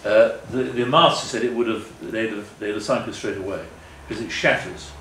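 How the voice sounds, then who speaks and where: An older man with a fairly low voice speaks earnestly to an audience. He rambles and corrects himself as he goes, and his voice carries an echo in the room with faint ambient noise behind it. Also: normal speed, a bit bright, far from the mic. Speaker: guest speaker. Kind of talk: public talk with slides. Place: meeting hall.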